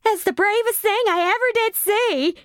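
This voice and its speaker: A woman's voice: extremely high pitch, normal speed, fairly bright tone, no echo, clean studio sound, pitched above the performer's own voice. A woman voicing a breathless, gushing young woman witness with a folksy Midwestern accent and a simpering voice.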